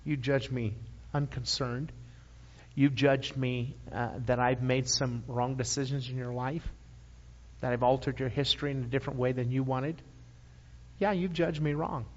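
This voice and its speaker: God, patient and plain-spoken, as a preacher puts him on, dull sound, long church-hall reverb. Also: male voice, mid-range voice, steady tone, normal speed, close to an everyday voice. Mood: reproving. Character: God, calm male voice answering a believer.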